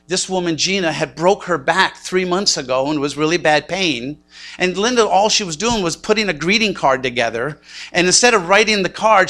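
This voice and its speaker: Bright-voiced man in his sixties preaching. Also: fairly high pitch. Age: 60s. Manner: storytelling, self-mocking, with quoted inner thoughts. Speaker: pastor. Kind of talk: sermon.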